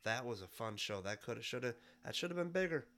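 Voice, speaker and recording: A man's voice: mid-range voice, expressive, fast, fairly bright tone. A man in his thirties with a cold, hosting a podcast in a rambling, nostalgic monologue full of fillers and restarts. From Midwestern United States. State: has a cold. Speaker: podcast host. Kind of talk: casual monologue.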